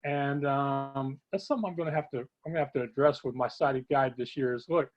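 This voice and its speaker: A man's voice: medium pitch, fairly even intonation, fairly quick. A man hosting a podcast, chatting casually and making friendly jokes. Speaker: podcast host. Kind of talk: casual interview chat. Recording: dull lo-fi remote audio.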